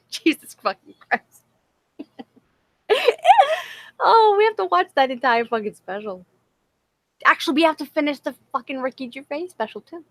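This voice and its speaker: Profane, animated woman livestream co-host. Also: sits high, moderate pace, pauses often, no room sound. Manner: profane, animated, laughing often. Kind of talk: casual livestream chat.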